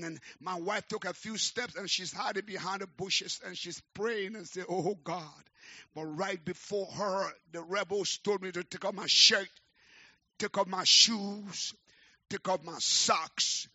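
A middle-aged man, preaching a sermon as a pastor and telling his story with rising, shouted exhortation. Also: high voice, fairly even intonation, a little slow, breathy edge, dry recording. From Liberia. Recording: dull, lo-fi sermon recording.

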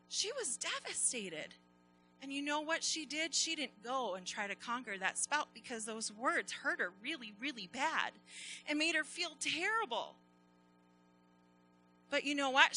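A woman telling a story to a group of children, animated and speaking right to them. Her voice is high and very bright. Soft music is faintly heard underneath. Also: moderate pace, poor audio.

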